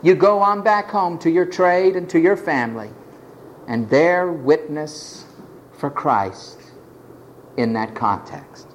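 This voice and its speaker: Jesus, low and firm, as a preacher voices him. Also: male voice, slow pace, a little hiss or hum. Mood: firm, refusing. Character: stern calm Jesus, man, firmly refusing.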